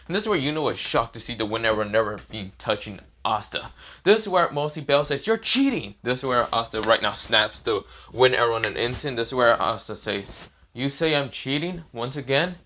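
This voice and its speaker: A man's voice: mid-range voice, brisk, pushed and bright. Rambling man narrating a fan story. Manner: rambling, repeats fillers like "this is where, well, mostly". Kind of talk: casual improvised storytelling.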